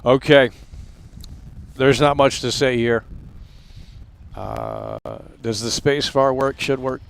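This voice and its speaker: A man's voice: mid-range voice, huge pitch swings, slow pace, creaky, clear, resonant tone. A man hosting a live stream talk show, ranting in a profane, exasperated way and laughing scornfully as he mocks what he sees. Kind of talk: unscripted live stream rant.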